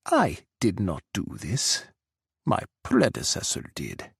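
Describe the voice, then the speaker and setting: A man's voice: fairly low pitch, huge pitch swings, slow pace, creaky, husky, dry recording, clean studio sound, exaggerated voice. A man voicing a scheming, restless Russian president with a thick Russian accent and a smirking, cutting manner. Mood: sly.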